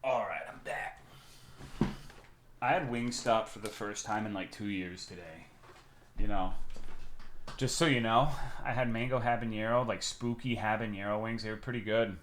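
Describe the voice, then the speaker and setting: A man streaming a game, talking casually in a rambling, profane, excitable way, swinging from loud bursts to mumbled asides. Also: lowish voice, moderate pace, a little hiss or hum. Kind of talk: casual live-stream gameplay commentary.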